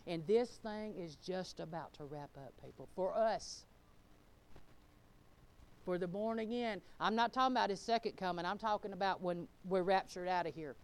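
A middle-aged woman pastor, preaching a fervent sermon that swings between loud exclamations and low, laughing asides. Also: moderate pace.

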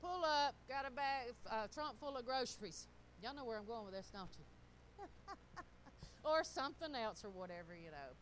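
Middle-aged woman, pastor's wife type, high bright voice, chatty sermon delivery, faint room hum. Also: moderate pace, long pauses, rough recording. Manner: animated, laughing, talks straight to the congregation. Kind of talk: casual sermon storytelling.

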